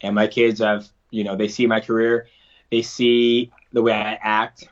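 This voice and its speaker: A man's voice: on the low side, level tone, a little slow. Casting: earnest male interview guest, casual and rambling, a little lo-fi.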